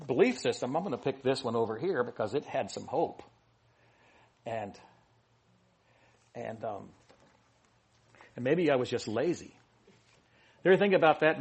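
A man with a husky, slightly rough voice delivers a loose, conversational sermon. He wanders through asides and teasing jokes, stopping and restarting his sentences as he goes. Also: medium pitch, expressive, moderate pace, pauses often. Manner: rambling, joking and self-correcting, with many restarts and fillers. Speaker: pastor. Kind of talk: informal sermon.

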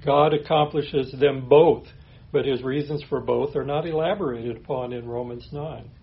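A man's voice: medium pitch, fairly even intonation, normal speed. Earnest preaching man, lo-fi sound. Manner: earnest expository preaching, reading scripture aloud. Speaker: pastor. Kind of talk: sermon.

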